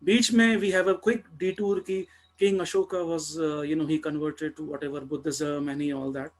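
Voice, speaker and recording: A young man with an Indian accent, speaking on a webinar panel in an animated way, slipping Hindi into his English and repeating words for emphasis. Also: on the high side, fairly quick.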